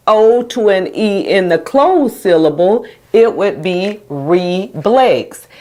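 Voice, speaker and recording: A woman special education teacher explaining a reading lesson in a patient, steady way, stretching out example words. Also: lowish voice.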